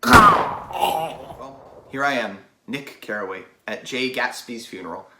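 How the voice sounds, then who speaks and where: A man's voice: medium pitch, very animated, slow, vocal fry, heavy background noise, heavily acted. A man voicing an awkward, hesitant young man in a student comedy play, stammering often.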